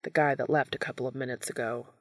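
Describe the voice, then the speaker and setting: A woman voicing a gruff, jealous young male monster hunter who answers in curt grumbles. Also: very deep voice, fairly even intonation, fast talker, voice pushed down. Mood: gruff, unsettled.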